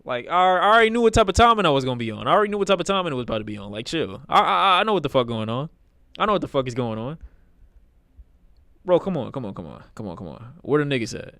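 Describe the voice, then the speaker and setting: A man's voice: a little high, sing-song, racing, gravelly, bright, forceful tone, dry recording, studio quality. A man streaming live, reacting to videos with blunt, profane, rambling commentary in a casual way.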